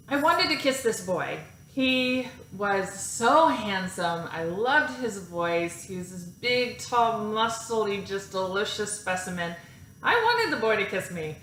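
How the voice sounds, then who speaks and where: A woman, in her thirties, casually telling a personal story to her viewers, animated and self-mocking, laughing often. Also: a little high, slight background noise. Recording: echoey room with faint ambience.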